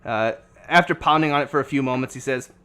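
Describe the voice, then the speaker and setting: A man narrating as game master for a tabletop game. His voice is bright and crisp at a middle pitch. He talks in a relaxed, halting way full of fillers.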